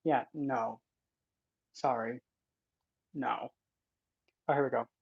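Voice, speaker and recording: An occult content creator offers casual vlog commentary, indignant and sarcastic, on a dull lo-fi recording. The mid-range voice is slow, gravelly and husky, with fairly even intonation.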